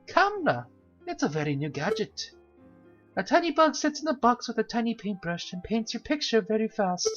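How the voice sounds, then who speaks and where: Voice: mid-range voice, very animated, normal speed, fairly bright tone, pitched above the performer's own voice. A cheerful, naive young cat lady tells her tale in a bouncy, sing-song way, voiced by a game player reading aloud. The recording is a little dull and lo-fi. Faint music plays underneath. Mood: eager. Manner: bubbly, sing-song storytelling.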